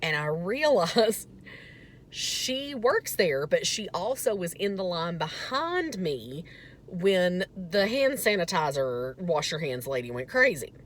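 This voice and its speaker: A woman's voice: fairly low pitch, very animated, takes it slowly, a little hiss or hum. A young woman from the American South, telling a chatty, self-mocking vlog story that turns earnest. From Southern United States. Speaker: vlogger.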